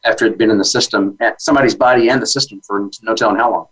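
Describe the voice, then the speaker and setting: Low-voiced man, enthusiastic guest. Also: fairly even intonation, very fast, a bit bright, slightly rough, low-quality recording. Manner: enthusiastic, with many fillers and restarts. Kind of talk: casual interview chat.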